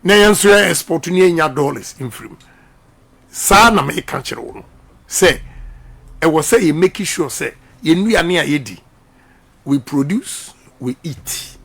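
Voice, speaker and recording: A man's voice: a little high, lively intonation, normal speed, creaky, a bit bright. A middle-aged Ghanaian man speaking emphatically in a radio interview, repeating his points like a preacher. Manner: repetitive, emphatic, preaching-style delivery. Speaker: politician.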